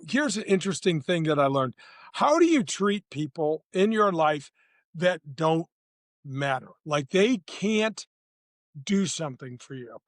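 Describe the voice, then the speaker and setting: A man in his sixties from St. Louis, a former tour golfer telling lively, slangy stories as a podcast guest. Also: high-pitched, dry recording, clean studio sound. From St. Louis, USA. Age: 60s. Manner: lively, slangy, addresses the host directly. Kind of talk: casual anecdotal storytelling.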